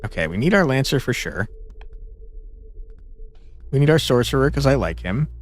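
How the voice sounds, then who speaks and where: Animated joking man playing a game. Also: medium pitch, normal speed, faint music behind. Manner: animated, joking, sarcastic about game units. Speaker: gaming channel host. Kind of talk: let's play commentary.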